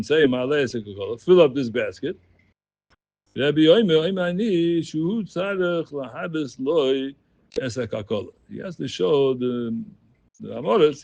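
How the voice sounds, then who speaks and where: Talmud teacher, male, gravelly voice, sing-song chanting of the text, dry close sound. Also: medium pitch, a little mellow, no room sound. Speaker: Talmud study group leader.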